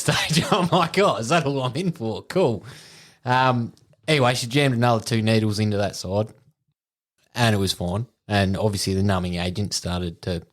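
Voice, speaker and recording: Casting: Australian man, lowish voice, crude storyteller, laughs often. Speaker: podcast co-host. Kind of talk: casual storytelling.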